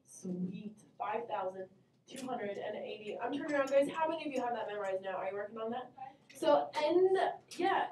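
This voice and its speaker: A woman teaches math to her class in a high-leaning, expressive, slightly mellow voice, fairly quick and upbeat, quizzing and calling on students. Recorded by a distant camera mic, she sounds far away in a roomy classroom with a faint hum.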